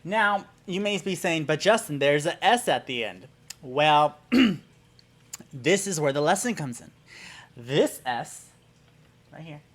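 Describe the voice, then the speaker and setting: A man's voice: fairly high pitch, slow pace, long pauses. Chatty, exasperated man from Germany. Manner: chatty and animated, with exasperated pet-peeve ranting. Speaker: YouTuber. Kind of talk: casual vlog lesson.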